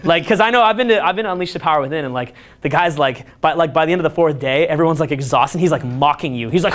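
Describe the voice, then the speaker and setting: A man giving an energetic, rambling seminar talk full of filler words. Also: on the high side, fast, hardly any pauses. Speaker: seminar coach. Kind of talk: casual live seminar talk.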